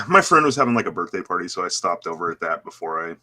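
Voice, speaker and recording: An easygoing man chats as a livestream guest over a video call. His voice is fairly low yet bright and forward, and he fills his sentences with "like.". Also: very animated, fast talker. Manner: easygoing, chatty, says "like" a lot. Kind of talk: casual chat.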